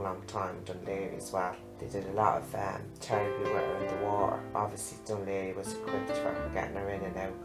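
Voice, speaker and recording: A man giving a flat, measured account of a relative's rehabilitation. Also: deep voice. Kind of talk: recorded testimony. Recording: echoey room, loud music.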